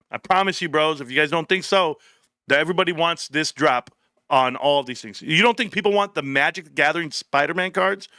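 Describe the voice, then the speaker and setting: Man, live-stream host, bright and sharp tone, dry close sound, joking, laughing, swearing. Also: on the high side, no room sound. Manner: joking, rambling, swears freely, laughs often; talks straight to chat viewers by name. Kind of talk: casual live-stream chat.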